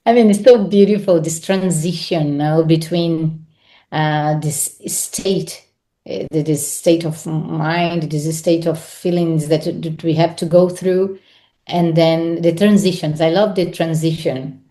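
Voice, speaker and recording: A woman with an Italian accent reflects on her craft as a guest. Her voice sits low and warm. She stumbles and repeats words as she works through English, which is not her first language. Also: fairly even intonation. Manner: halting, repeats words while searching for English. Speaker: actress, podcast guest. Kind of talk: reflective interview answers.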